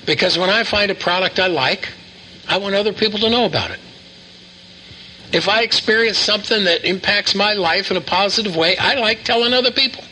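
A man's voice: high voice, bright, forceful tone, a little hiss or hum, low-quality recording. An older man preaching a sermon in a folksy storytelling manner, full of asides and repeats. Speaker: pastor.

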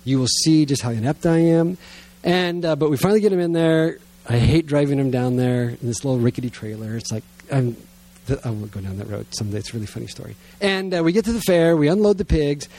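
A man's voice: on the high side, fast. Middle-aged male pastor telling a story. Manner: lively, self-mocking storyteller who turns quiet and earnest in prayer. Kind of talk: sermon storytelling and prayer. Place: church gathering with listeners present.

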